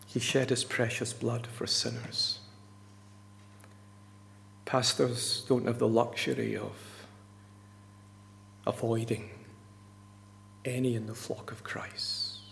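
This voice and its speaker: Male preacher, gravelly, emphatic sermon delivery, recorded with long hall reverb. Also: mid-range voice, little pitch movement, slow, long pauses, fairly bright tone, slight background noise. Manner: earnest, emphatic, repeats key words.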